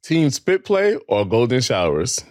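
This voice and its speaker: A man's voice: mid-range voice, very animated, measured pace, darkish tone, no room sound, clean studio sound. A man hosting a podcast in casual chat, brash, blunt and joking. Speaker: podcast host.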